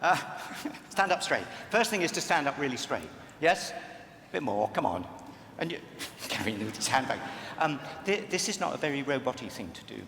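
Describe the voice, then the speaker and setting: A man coaching volunteers on a convention stage, animated and encouraging, often breaking into laughter. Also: medium pitch, normal speed. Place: large convention hall stage. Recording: echoey hall with crowd noise.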